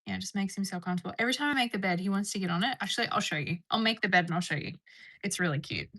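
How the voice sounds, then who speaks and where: A woman's voice: medium pitch, rapid-fire, pushed and bright. A young adult Australian woman from Queensland chatting casually on a livestream, laughing often and talking to her pet bird. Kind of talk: casual livestream chat reading comments.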